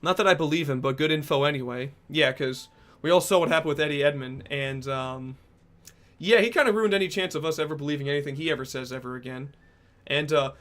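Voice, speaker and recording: Talking fairly quickly in a fairly high voice, this young man streams casually, reading chat aloud and replying. He jokes and swears, with abrupt loud outbursts.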